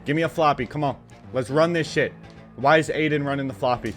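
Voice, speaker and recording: A man giving casual play-by-play commentary on a basketball video game he is playing. He is excitable, gets frustrated quickly, talks straight to the players on screen, and uses slang and swearing. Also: a little high, faint music behind. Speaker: gaming channel host.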